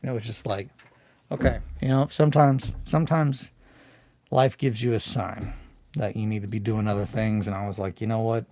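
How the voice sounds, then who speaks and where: A man's voice: on the low side, steady tone, moderate pace, dark tone, dry recording. Rambling, cursing male stream host. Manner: rambling, restarts and swears freely. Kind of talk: casual rambling monologue.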